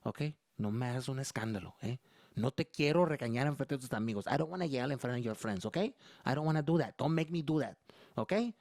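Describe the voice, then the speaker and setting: A man doing a calm, warning mother. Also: medium pitch, quick pace, no room sound, clean studio sound, natural voice. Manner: soft, pleading warnings. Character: calm, warning mother speaking to her son.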